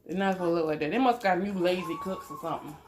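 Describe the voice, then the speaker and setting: A woman's voice: on the low side, wildly swooping pitch, rapid-fire, background noise. A young woman chatting casually while she eats, humming and talking with food in her mouth. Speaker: mukbang vlogger. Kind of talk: casual eating vlog.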